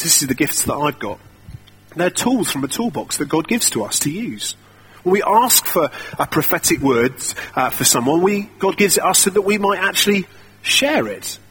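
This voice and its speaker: Husky preacher, conversational. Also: male voice, fairly high pitch, a bit bright. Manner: conversational storytelling, self-deprecating. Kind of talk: sermon.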